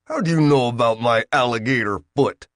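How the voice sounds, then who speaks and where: A man's voice: medium pitch, a little fast, a bit bright, no room sound, studio quality, close to an everyday voice. A man reading a story aloud, voicing a naive, plain-spoken young male soldier. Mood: blunt.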